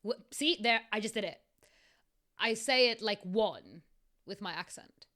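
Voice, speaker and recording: A woman's voice: mid-range voice, lively intonation, unhurried, a bit bright. A woman with a South African accent, reading her own story aloud on a podcast and stopping often to chat and laugh. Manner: chatty, laughs often, breaks off to comment.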